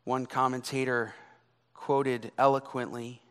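A man preaching a sermon, dramatic, swinging between loud emphasis and hushed, near-whispered lines. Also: mid-range voice, flat delivery, slow, clear, resonant tone. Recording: long hall reverb.

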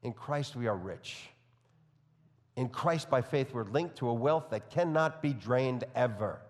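Male preacher, faint New York accent, animated when excited, in a reverberant hall. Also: medium pitch, unhurried. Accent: New York, slight. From New York area. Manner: enthusiastic, speeds up when excited, reads scripture aloud. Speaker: pastor. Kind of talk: expository sermon.

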